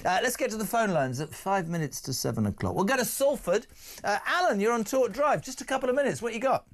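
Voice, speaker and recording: A man hosts a radio phone-in from a studio with a quick, jokey, chatty delivery. His voice sits a little high for a man. He teases his callers as he moves things along. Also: sing-song. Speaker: radio host.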